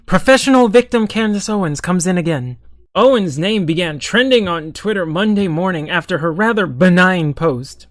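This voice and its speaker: A man's voice: sits high, animated, moderate pace, dry recording. A young man giving a sarcastic, profane, exasperated running commentary as an online commentator. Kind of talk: ranting commentary.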